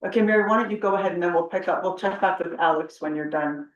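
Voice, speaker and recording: A meeting chair running discussion in a brisk, facilitating way and asking for questions and comments. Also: medium pitch, echoey room, distant mic, lo-fi sound.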